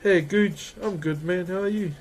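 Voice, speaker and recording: A man with a high voice chats casually at a normal pace on a live stream while woodcarving in his carving workshop, laughing often and greeting viewers. Soft music plays in the background.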